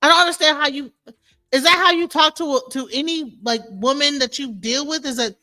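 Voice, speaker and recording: A woman's voice: high-pitched, a little fast, sharp tone, no room sound. A woman on an open panel, arguing heatedly, repeating herself and swearing, calling the other man bro and sir. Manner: emphatic, repetitive, swears freely, says bro and sir. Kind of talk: heated argument.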